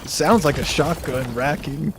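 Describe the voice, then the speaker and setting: A man's voice: fairly high pitch, moderate pace, slight background noise. A young man streaming, telling a story casually and reading chat comments aloud, laughing now and then.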